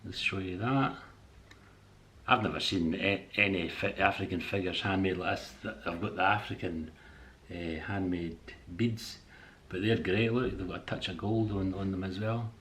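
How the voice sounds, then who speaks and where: A man's voice: deep voice, normal speed, fairly bright tone, slight background noise. A man chatting casually in a vlog, friendly and rambling, showing items from a shopping haul at home. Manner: rambling and friendly, with hesitations and chuckles. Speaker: artist and eBay seller showing a shopping haul. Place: indoors at home.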